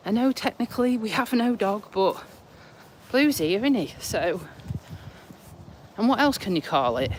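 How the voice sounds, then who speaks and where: A woman walks and talks in a casual live vlog, slow and unhurried, swearing freely and a bit out of breath. Wind and outdoor noise come through clearly on her phone recording. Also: medium pitch, fairly bright tone, poor audio. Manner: chatty, blunt, swears casually. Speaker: vlogger. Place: outdoors on a windy walk.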